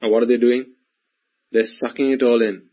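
A man's voice: mid-range voice, little pitch movement, a little fast. A man giving a Buddhist dharma talk, repeating himself and asking rhetorical questions, on a dull lo-fi recording. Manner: repetitive, full of rhetorical questions. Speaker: Buddhist teacher.

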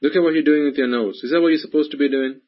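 A man's voice: fairly high pitch, racing, lightly acted. A man doing a stern scolding inner voice. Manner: reproachful, repeating its scolding. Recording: dull lo-fi recording.

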